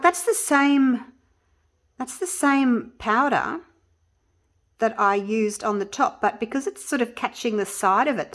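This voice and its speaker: A woman chats to her audience while making resin crafts at home for her tutorial vlog, often trailing off mid-sentence and starting again. Her voice is a little high and a bit bright.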